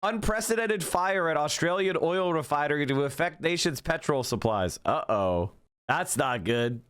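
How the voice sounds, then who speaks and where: A man's voice: fairly high pitch, lively intonation, normal speed, a bit bright, clean tone. A man streaming live, reading out news and reacting with sarcastic commentary, swearing freely. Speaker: political streamer.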